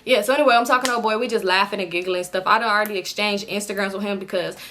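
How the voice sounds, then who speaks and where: Young woman, storytime vlogger, quick pace, bright ringing tone, slangy chatty delivery. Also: medium pitch, fairly even intonation. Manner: slangy, chatty, addresses viewers as y'all. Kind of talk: casual storytelling to camera.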